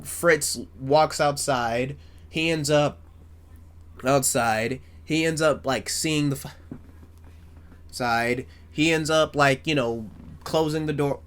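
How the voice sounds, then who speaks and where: A man giving casual fan commentary as a YouTuber, rambling and swearing in an animated way. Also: on the high side.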